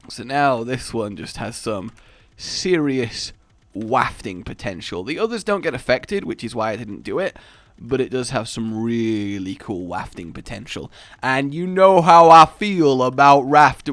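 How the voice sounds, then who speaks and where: A man's voice: mid-range voice, a bit bright, no room sound. A man giving casual, rambling gameplay commentary in his home office, telling stories with restarts and bursts of laughter. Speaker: gaming YouTuber.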